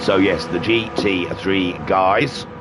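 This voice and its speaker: A man's voice: low voice, steady tone, slow pace. Guy rambling through live race commentary on stream, music going underneath. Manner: chatty, rambling, self-deprecating asides. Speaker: sim racing league commentator. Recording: music playing behind voice.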